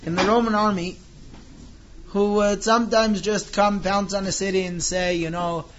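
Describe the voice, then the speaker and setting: Man telling a lively teaching story. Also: high-pitched, normal speed, highs cut off, a little hiss or hum. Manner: animated, acts out the characters' lines. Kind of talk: informal storytelling lesson.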